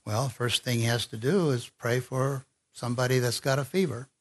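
A man's voice: medium pitch, moderate pace. Conversational man preaching a sermon. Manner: conversational, with fillers and restarts.

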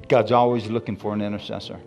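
A man preaching a sermon, reading scripture slowly and calling out to his congregation. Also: lowish voice, creaky, a little mellow.

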